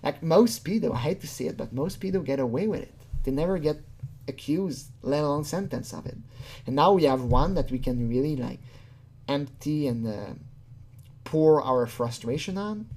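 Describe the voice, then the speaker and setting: A channel host giving casual reaction commentary, mocking and profane, often mimicking people in a high whiny voice. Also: animated, normal speed, darkish tone.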